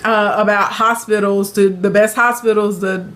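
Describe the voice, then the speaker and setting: A woman's voice: mid-range voice, steady tone, normal speed, a bit bright. A woman with a Southern US accent hosting a casual live business Q&A, chatty and upbeat, greeting viewers by name and calling them honey. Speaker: live-stream business coach.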